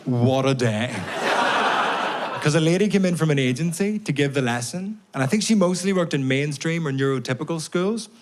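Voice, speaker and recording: A man doing a stand-up routine, telling stories in a deadpan way with timed pauses, on stage at a live comedy venue. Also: on the high side. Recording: live show recording with audience noise.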